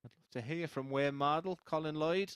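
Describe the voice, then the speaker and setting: A man's voice: on the high side, moderate pace, a bit bright, a little hiss or hum. A man giving live darts commentary, chatty and opinionated, teasing his co-commentator from the commentary box.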